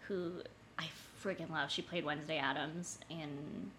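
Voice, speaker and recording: Bright young woman rambling on a podcast, lots of likes, faint hiss behind. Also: deep voice, steady tone, moderate pace. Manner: chatty, heavy use of "like". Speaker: podcast co-host. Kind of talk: casual chat.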